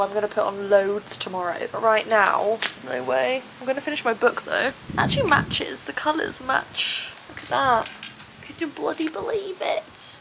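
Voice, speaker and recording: Brief: woman in her twenties, chatty self-mocking vlogger, vocal fry, recorded on a phone outdoors with clear background noise. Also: a little high. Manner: often drops to a soft near-whisper. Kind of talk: casual vlog chat to camera. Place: holiday terrace outdoors in a breeze.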